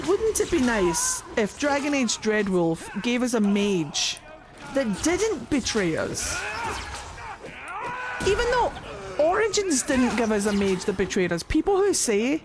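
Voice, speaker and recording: Excitable, chatty woman streaming a game. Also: fairly high pitch. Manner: excitable, chatty, swears freely. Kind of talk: live gameplay commentary.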